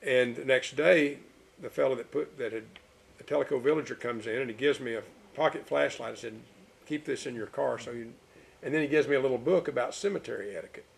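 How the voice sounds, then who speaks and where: Middle-aged man, gravelly, folksy interview storyteller, wanders and restarts. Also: mid-range voice, fast. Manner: rambling, self-interrupting, animated anecdotes.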